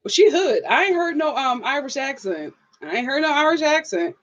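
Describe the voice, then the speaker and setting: A young woman hosts a casual live stream. Her high voice swings widely in pitch, and she laughs often and acts out quotes with big, playful voices. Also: big pitch swings, moderate pace, fairly bright tone, highs cut off. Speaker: host of a live TV review stream. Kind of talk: casual live-stream commentary reading chat.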